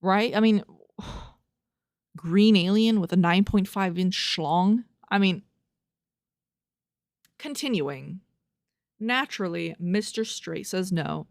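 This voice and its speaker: A woman's voice: medium pitch, takes it slowly, vocal fry, pauses often, no echo. A young woman hosts a casual solo podcast, reading quotes aloud and breaking off into profane, disbelieving commentary. Her voice sits in an ordinary middle register. The sound is close and dry, with no room around it. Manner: incredulous, profane, laughing at what she reads; reads review quotes aloud and riffs on them. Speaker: podcast host.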